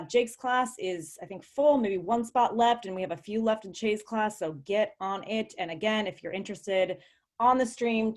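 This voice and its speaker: A woman's voice: mid-range voice, darkish tone. A young woman hosting a comedy stream, chatty and giggly as she introduces the comics. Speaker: show host.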